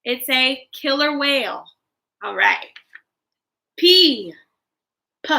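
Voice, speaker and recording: Teacher lady doing an alphabet warm-up for little kids, high bright voice, slow and playful, acts out every word. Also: lively intonation, vocal fry. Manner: playful, sing-song, acts out each word. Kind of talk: alphabet warm-up for young children. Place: home livestream.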